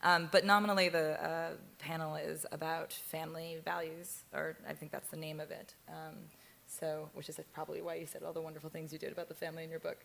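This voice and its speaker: A woman's voice: low-pitched, level tone, a little fast, gravelly, fairly bright tone, slight background noise. A woman author opening a panel discussion, self-deprecating and laughing, with lots of fillers. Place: stage at a book fair.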